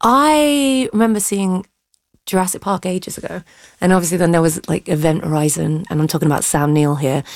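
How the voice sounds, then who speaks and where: A woman's voice: lowish voice, brisk, no echo, clean studio sound. A woman film critic on arts radio, chatty and opinionated. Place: radio studio.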